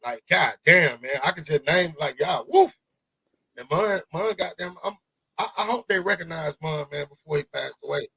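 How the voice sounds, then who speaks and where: Husky, high-voiced man hosting a podcast. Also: normal speed, dry recording, low-quality recording. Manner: animated, rambling, profane, repeats himself. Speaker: podcast host. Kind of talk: casual interview chat.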